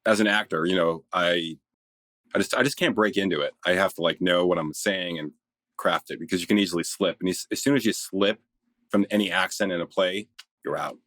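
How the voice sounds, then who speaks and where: A man's voice: low voice, a little fast, a bit bright, dry recording. A man in his forties, a financial planner guest-hosting a podcast, explaining in an easygoing way and laughing often. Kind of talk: casual podcast chat.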